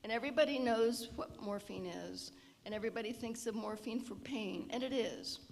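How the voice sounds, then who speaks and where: A woman giving an informal lecture with storytelling, often clearing her throat. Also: a little high, moderate pace, slight background noise. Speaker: health presenter at a seniors' event. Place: church hall. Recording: long reverb of a large hall.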